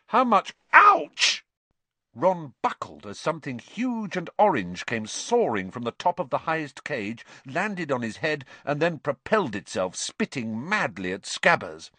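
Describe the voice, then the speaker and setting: A man narrating a storybook in an expressive, animated reading. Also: medium pitch, normal speed, few pauses, no room sound. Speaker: audiobook narrator.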